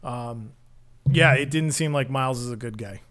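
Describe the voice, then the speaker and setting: A man's voice: medium pitch, moderate pace, fairly bright tone. A man co-hosting a podcast in casual chat, talking in an enthusiastic, rambling way with many fillers. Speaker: podcast co-host.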